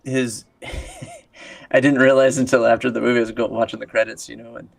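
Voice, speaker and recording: Male podcast co-host, gravelly, mid-pitched, loose casual chat with frequent laughs. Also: little pitch movement, moderate pace. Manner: laughs often, acts out quoted lines in a higher voice.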